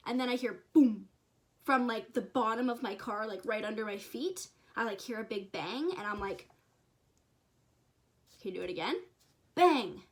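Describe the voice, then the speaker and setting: A young adult woman telling a spooky personal story to camera in an excitable, chatty way, full of fillers and asides to viewers. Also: fairly high pitch, moderate pace. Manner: excitable, chatty, lots of "like" and "you guys". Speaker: vlogger and dance teacher.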